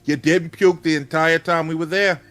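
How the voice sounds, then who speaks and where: A man's voice: fairly high pitch, fairly even intonation, normal speed, a bit bright. A man as a tabletop game player, rambling casually with many fillers. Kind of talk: casual in-character chat.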